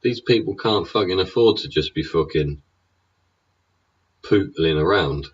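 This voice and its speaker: Man, deep husky voice, profane ranting monologue, muffled lo-fi recording. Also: animated, measured pace. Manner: swears constantly, rhetorical tags like "innit" and "yeah". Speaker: show host. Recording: dull lo-fi recording.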